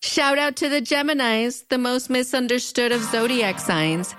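A woman in her thirties with a fronterizo border accent, narrating a video essay in a wry, conversational way. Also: measured pace. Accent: fronterizo (US–Mexico border). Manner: wry, conversational, with big playful pitch swings. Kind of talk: scripted narration. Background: background music.

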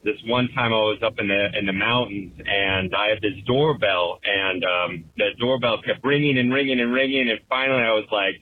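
Low husky man on a phone line. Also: no room sound. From California, USA. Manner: chuckling, halting. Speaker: caller. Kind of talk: telling a story on a call-in line.

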